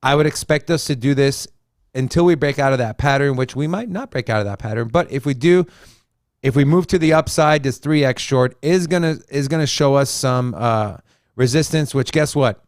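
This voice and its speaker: A man's voice: mid-range voice, normal speed, no room sound, studio quality. Casual joking male crypto host. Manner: loose and joking, repeats himself. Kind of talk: casual crypto chart talk.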